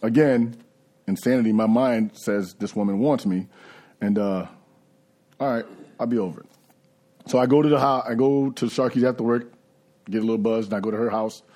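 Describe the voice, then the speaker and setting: A man's voice: on the low side, fairly even intonation, fairly quick, mellow. A man giving a candid, conversational personal recovery testimony. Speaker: recovery speaker.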